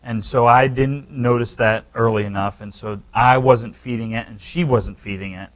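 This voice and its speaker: A man teaching a live real estate seminar, talking straight to the room with animated, emphatic delivery and frequent restarts. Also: mid-range voice, normal speed, low-quality recording.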